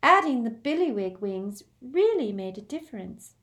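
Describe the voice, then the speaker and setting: A woman's voice: a little high, very animated, normal speed, fairly bright tone, pitched above the performer's own voice. Woman voicing Luna, a dreamy airy teen girl.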